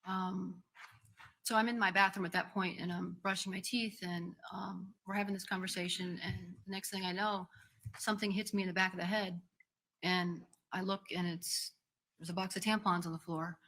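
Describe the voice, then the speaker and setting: Low, flat-voiced woman testifying. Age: 40s. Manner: hesitant, halting, many ums. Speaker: defendant testifying. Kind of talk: courtroom testimony. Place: courtroom.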